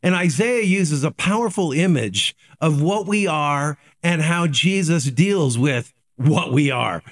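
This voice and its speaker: Male pastor, higher-pitched voice, earnest devotional preaching built on rhetorical questions. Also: lively intonation, slow pace, hardly any pauses. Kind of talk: daily devotional sermon.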